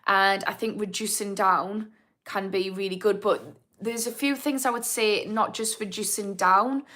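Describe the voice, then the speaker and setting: Her voice sits at a medium pitch, bright and forceful yet steady, and she speaks a little slowly. She's a British recovery coach in her thirties running a live Q&A, casually reading comments and answering people by name, frequently trailing off and starting over. Throughout, she remains frank and down-to-earth.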